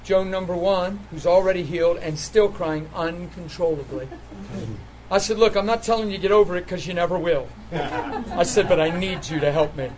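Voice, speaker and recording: A man preaching a sermon, telling a healing story with laughter and sudden excited jumps in his voice. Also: normal speed, slight background noise, low-quality recording. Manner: animated storytelling, laughing, voice jumping high when excited.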